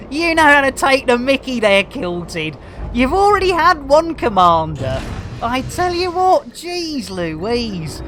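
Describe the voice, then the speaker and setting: A woman streams a game with a comedian's patter, full of puns and giggles. Her voice sits a little high and swings widely in pitch. She talks at an unhurried pace. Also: big pitch swings. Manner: playful, punning comedy patter with frequent laughs; showman-like addresses to "ladies and gentlemen". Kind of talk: live game-stream commentary.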